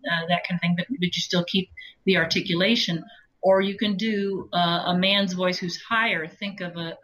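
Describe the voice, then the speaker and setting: A woman with a low voice, an audiobook narrator talking through her approach in a chatty, explanatory interview. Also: fairly bright tone, low-quality recording. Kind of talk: conversational interview.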